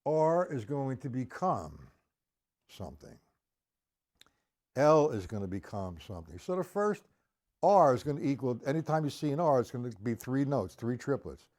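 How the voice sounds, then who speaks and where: A man teaching a live-streamed drum lesson, patiently explaining and counting rhythms out loud, with faint drumming behind him. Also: medium pitch, big pitch swings, moderate pace.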